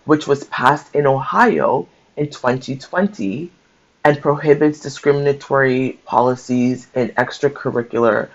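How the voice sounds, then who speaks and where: A man hosts a casual book share. He reads passages aloud and breaks off into heartfelt, conversational asides, and his voice sits at an ordinary middle pitch. The recording is dull and lo-fi. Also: unhurried. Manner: conversational, mixes reading aloud with emotional asides. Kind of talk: casual book reading with commentary. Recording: dull lo-fi sound.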